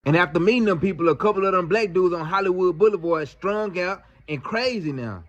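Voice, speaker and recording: Casual male storyteller, high-pitched, slangy and animated. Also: a little fast, lo-fi sound. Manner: slangy, animated retelling with lots of fillers.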